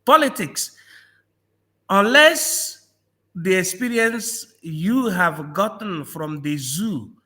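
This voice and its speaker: A man's voice: high voice, lively intonation, slow pace, bright, forceful tone. A man from Nigeria in a political discussion, mocking and repeating phrases, laughing often. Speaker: panel guest.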